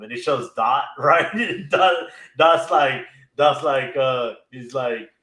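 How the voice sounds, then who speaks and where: A man's voice: fairly high pitch, lively intonation, measured pace, a bit bright, reverberant. A man casually recapping an anime episode, retelling scenes with laughs and little acted-out quotes. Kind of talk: casual chat.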